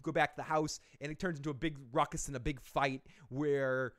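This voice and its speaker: A man hosting a live-stream movie review, retelling a plot in a rambling, animated way, with frequent self-corrections, swearing, and laughs at his own jokes. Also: fairly high pitch, brisk. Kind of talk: casual rambling film recap.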